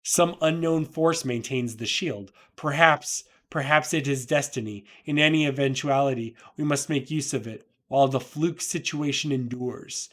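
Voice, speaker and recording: A man's voice: mid-range voice, moderate pace, hardly any pauses, fairly bright tone, natural voice. A man reading as a cold robot villain. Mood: coldly calculating. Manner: formal, menacing pronouncements.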